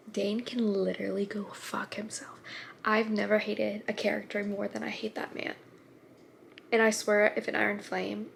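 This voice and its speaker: A woman's voice: medium pitch, vocal fry, fairly bright tone, a little hiss or hum. A young woman in her twenties talking casually in a book vlog, chatty with many fillers, sometimes dropping to a whisper. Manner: chatty, filler-heavy, drops to whispers at times. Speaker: book vlogger.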